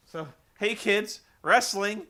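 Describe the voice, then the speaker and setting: A man's voice: high-pitched, slow pace, pushed and bright. A man giving a sarcastic, rambling, profane comedic recap of a show as host.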